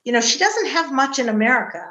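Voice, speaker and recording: A middle-aged woman novelist talking casually about writing her book, telling stories about her family with animated quoted voices. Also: high-pitched, quick pace, reverberant, dull audio. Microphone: video call.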